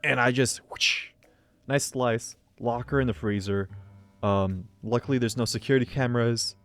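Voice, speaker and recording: Young male co-host, mid-pitch, loose comic storyteller. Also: moderate pace, a bit bright, soft background music. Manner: rambling, playful storytelling with many fillers. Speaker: podcast co-host. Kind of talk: casual comedic chat.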